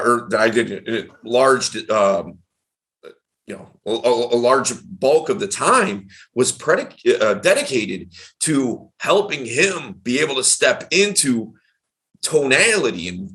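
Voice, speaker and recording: A middle-aged man hosting a casual podcast, his pitch leaping around with lots of energy. The tone is bright and forward, and he leans hard on key words. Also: a little slow. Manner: animated, emphatic, varied tonality. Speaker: dating coach, podcast host.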